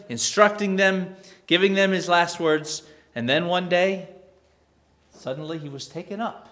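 A man preaching a sermon to his church in a conversational, musing way, restarting phrases and rising in pitch and volume on key points. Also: expressive, unhurried, fairly bright tone. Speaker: pastor.

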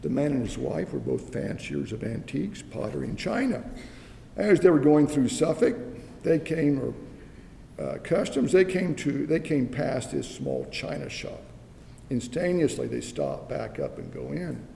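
A male preacher tells a story with a lively, swinging delivery and a gravelly edge. His voice is fairly high but mellow. It echoes around a large church hall over faint noise. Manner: animated storyteller, halting asides. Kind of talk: sermon storytelling.

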